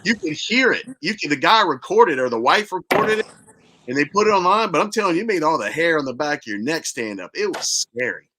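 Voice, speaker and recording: A man's voice: on the high side, sing-song, fairly quick, pushed and bright, a little hiss or hum, low-quality recording. A man hosting a podcast, chatting casually and retelling eerie stories with emphasis. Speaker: podcast host. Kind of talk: casual chat.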